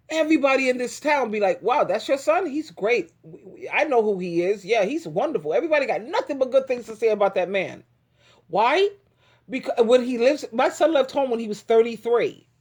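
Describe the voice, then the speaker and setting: An older woman with a hoarse voice, talking emphatically in a casual vlog monologue and giving life advice. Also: on the high side. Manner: emphatic, animated, refers to herself in third person.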